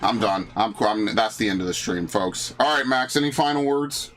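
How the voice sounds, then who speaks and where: Exasperated New streamer ranting. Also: male voice, lowish voice, normal speed, a bit bright, a little hiss or hum. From New York. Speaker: game streamer. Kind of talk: live game stream commentary.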